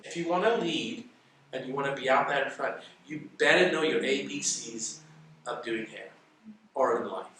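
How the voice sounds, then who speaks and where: A man with a medium-pitched voice and moderate pace shares stories as a guest in a casual interview, animatedly acting out the dialogue. The mic is distant, the room echoey, and there's faint noise.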